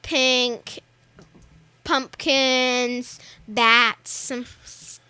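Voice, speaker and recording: A young girl chatting on a podcast as a guest, giggling often and talking in a drawn-out way. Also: fairly high pitch, little pitch movement, bright, forceful tone, clean tone, dry recording. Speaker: guest, host's daughter. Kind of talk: casual podcast chat.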